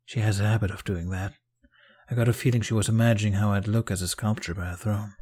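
A man voicing an anxious young male frost spirit, soft, breathless and gentle. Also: fairly low pitch, steady tone, quick pace, slightly rough.

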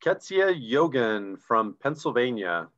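A man's voice: medium pitch, very animated, slow pace, a bit bright. A man co-hosting a live online recognition event, reading names and chatting enthusiastically about ranks over a video call. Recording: dull lo-fi video call audio.

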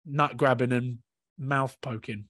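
A rugby player on a podcast panel, chatting casually and telling animated, laughing stories with acted-out quotes. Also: male voice, medium pitch, a little slow, dry recording.

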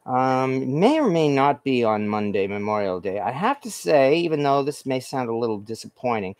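A man's voice: mid-range voice, animated, moderate pace, darkish tone, no room sound. A man hosting a home cooking stream, talking casually and rambling with lots of fillers and restarts while he cooks at his stove and reads viewer comments. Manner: rambling, filler-heavy, self-correcting. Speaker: cooking show host.

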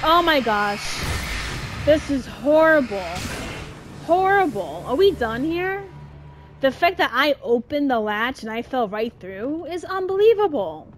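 A woman commenting on her own game playthrough in a casual, exasperated way. Her voice sits high and she talks slowly. A steady wash of noise and game sounds runs under her. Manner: chatty, exasperated, exclaiming at the game. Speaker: gaming channel host. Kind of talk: casual let's-play commentary.

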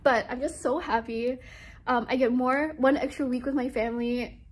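Filmed handheld on a phone in a small hotel room, a young woman from Singapore keeps up an upbeat, rambling video diary. Her high-pitched voice has a steady, darkish tone, a breathy edge and a moderate pace.

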